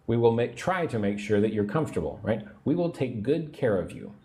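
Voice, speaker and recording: A man teaching English on a livestream, speaking slowly and patiently and repeating phrases for learners. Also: mid-range voice, lively intonation, dark tone. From United States.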